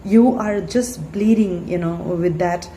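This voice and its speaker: A woman giving a spiritual tarot reading in an earnest, halting way, full of fillers and restarts. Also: on the low side, dark tone. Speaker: tarot reader. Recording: echoey room, faint hiss.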